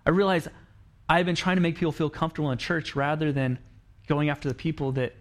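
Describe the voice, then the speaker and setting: A man preaching in a church in a chatty, storytelling way. His voice sits a little on the high side, and he slips into quoted lines to act out the people in his story. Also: steady tone, quick pace. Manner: conversational preaching, acts out quoted lines, frequent restarts. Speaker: pastor. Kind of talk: sermon.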